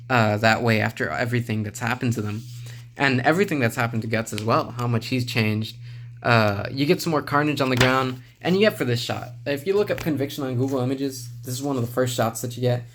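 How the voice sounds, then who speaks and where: Chill guy talking through a manga review, lots of uh's, medium voice, faint hum behind. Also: medium pitch. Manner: relaxed, rambling, many "uh" fillers, chuckles to himself. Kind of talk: casual video review.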